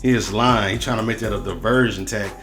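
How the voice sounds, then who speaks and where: Male sports host, lower voice, heated profane rant, hammers his points again and again. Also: steady tone, a little fast, fairly bright tone, faint music behind.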